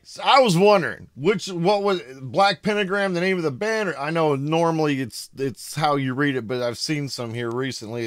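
An excitable American man hosting casual reaction commentary at home, bursting into shouts of amazement. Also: fairly high pitch, dry recording, clean studio sound. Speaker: reaction video host. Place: home room.

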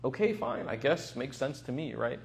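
A man's voice: mid-range voice, expressive, normal speed, slight background noise, lightly acted. A man playing a pious man who speaks in a hesitant, uneasy way and is easily swayed.

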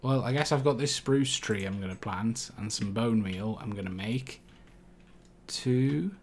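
A man's voice: on the low side, a little slow, a little hiss or hum. Dry, teasing man streamer. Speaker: co-host gaming streamer. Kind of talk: casual gameplay banter.

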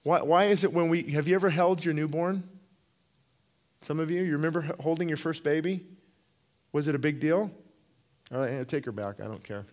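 Middle-aged male pastor, fervent sermon delivery, slightly higher voice, stumbles and repeats words. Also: normal speed, long pauses, darkish tone. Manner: impassioned, repeats words and restarts.

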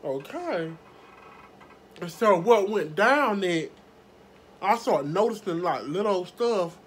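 A woman vlogger telling a story to her viewers in a casual, animated way, swearing freely. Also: mid-range voice, slow, husky. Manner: animated, profane, talks straight to viewers.

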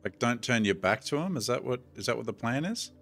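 A man's voice: mid-range voice, lively intonation, brisk, a bit bright, soft background music. A middle-aged man with an Australian accent gives chatty, jumpy commentary while playing a horror game and talks to his viewers. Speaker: gaming YouTuber.

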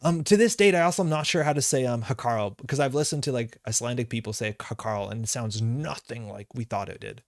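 A man from North America chats loosely with his live-stream viewers, rambling and correcting himself as he goes. His voice sits at an average pitch. The sound is dry and close, with no room around it. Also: fast talker, hardly any pauses, no echo. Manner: rambling, chatty, with frequent fillers and self-corrections. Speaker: streamer playing a card game live. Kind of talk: casual live-stream chat reading viewer comments.

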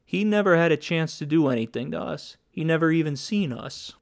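A man's voice: a little high, lively intonation, fairly quick, creaky, voice pushed up. A man voicing a talkative hired gunman who mocks and taunts as he speaks. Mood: sneering. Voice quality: sneering, mocking.

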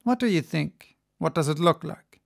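A reader voicing a calm, defiant sailor from the lakes in an audiobook reading. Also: medium pitch, normal speed, creaky, no room sound, clean studio sound.

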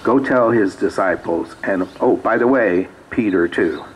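Low-voiced man preaching casually. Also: unhurried, a little hiss or hum, rough recording. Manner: conversational, reads scripture aloud with asides. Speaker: pastor. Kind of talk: sermon. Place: small church sanctuary.

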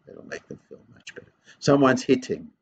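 A man, a primary school headteacher, giving a gentle, encouraging video assembly talk to young children. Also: mid-range voice, lively intonation, normal speed, vocal fry, muffled recording, slight background noise. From England.

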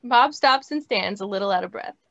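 A woman reading stage directions at a script table read, in a plain, steady way, over a video call. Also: mid-range voice, a little fast, gravelly. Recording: dry, muffled lo-fi audio.

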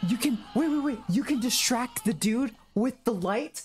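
A man's voice: extremely high pitch, animated, normal speed, over music. A man streaming a horror game, chatting in a rambling, self-mocking way and breaking into screams and laughter when scared. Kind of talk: live game commentary.

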